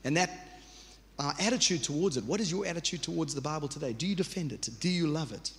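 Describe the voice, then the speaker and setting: Earnest pastor preaching in a reverberant hall. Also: male voice, fairly high pitch, animated, fast talker. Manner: earnest, conversational preaching with repetitions and asides. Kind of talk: sermon.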